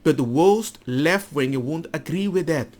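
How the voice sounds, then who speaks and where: A man's voice: fairly high pitch, normal speed, darkish tone. A man hosting a commentary video, arguing his opinions and acting out quoted conversations. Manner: argumentative, acts out quoted dialogue.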